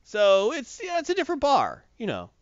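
A man hosting a live stream, chatting casually and hyping viewers in a jokey, animated way. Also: extremely high pitch, moderate pace, no echo, dull audio. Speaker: stream host.

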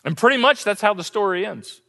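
A man preaching a sermon as pastor, telling a story with lively, acted-out quotes. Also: sits high, fairly quick, vocal fry, big-room sound. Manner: animated storytelling, acts out quotes. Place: church sanctuary.

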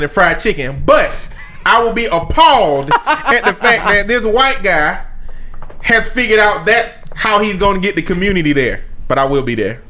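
A man's voice: high voice, expressive, moderate pace, bright, forceful tone. A man chatting casually on a podcast, telling stories with jokes and frequent laughter. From Southern United States. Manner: storytelling, joking, laughs often. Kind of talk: casual chat.

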